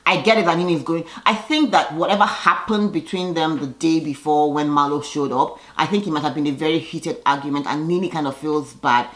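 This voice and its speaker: A woman's voice: low voice, fairly even intonation, a little fast, hardly any pauses. Sassy woman recapping reality TV. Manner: sassy, acts out the cast's lines in voices. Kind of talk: casual recap commentary. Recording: roomy echoey room.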